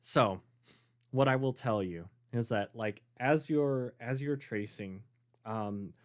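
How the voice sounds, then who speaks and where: Fields: Role: game master. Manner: halting and giggly. Pace: slow. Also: medium pitch, no echo, clean studio sound. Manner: halting, many fillers, giggly. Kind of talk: tabletop role-play.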